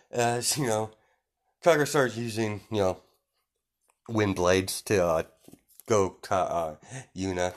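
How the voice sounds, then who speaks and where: A man with a deep, low voice tells a made-up story off the top of his head. He rambles, restarts his sentences and leans on fillers as he goes. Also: slow, long pauses. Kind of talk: casual improvised story retelling.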